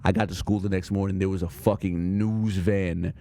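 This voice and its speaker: A young man on a podcast, telling a high school story in a casual, profane way and acting out the voices of people in it. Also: normal speed. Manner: animated, profane, acts out voices in his stories. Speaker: podcast co-host.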